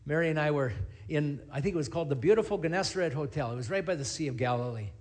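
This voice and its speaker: A middle-aged man, a pastor, preaching a sermon and telling stories in a lively, animated way. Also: on the high side, quick pace. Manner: storytelling, animated, acts out scenes.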